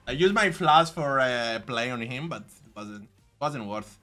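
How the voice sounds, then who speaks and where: A man giving live gameplay commentary, reacting excitably and shouting at times. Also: mid-range voice, measured pace, faint music behind. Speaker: gameplay streamer.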